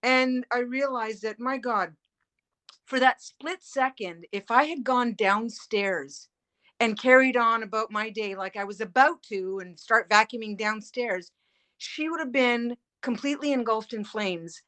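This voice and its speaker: A middle-aged woman with a bright, forceful voice, pitched a little high, recounts her caregiving experience. She talks earnestly and vividly, with plenty of "uh" and "you know" as she goes. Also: unhurried. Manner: earnest, animated retelling with fillers. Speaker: family caregiver, guest. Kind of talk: emotional personal storytelling.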